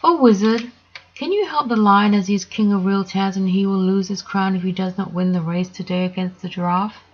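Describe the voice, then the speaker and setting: A woman's voice: medium pitch, a little fast, highs cut off, natural voice. A woman voicing a helpful little mouse who speaks eagerly.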